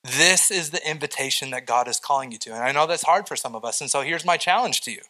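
A middle-aged man, a pastor, preaching a sermon with animated storytelling and acted-out quotes. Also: mid-range voice, fast talker, rough recording.

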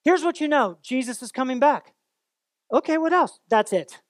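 High-voiced man preaching casually, dry sound. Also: expressive, normal speed, no echo. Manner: casual, conversational preaching with playful asides; acts out quoted voices with exaggerated tones. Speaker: pastor. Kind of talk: sermon.

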